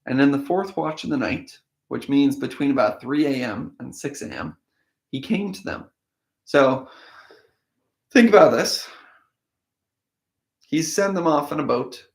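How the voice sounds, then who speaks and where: A man with a slightly hoarse voice from a cold, reading a Bible passage and thinking aloud about it in a casual, conversational way. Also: mid-range voice, animated, unhurried, pauses often. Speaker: host of a daily Bible reading show. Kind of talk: casual scripture reading with commentary. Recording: echoey room.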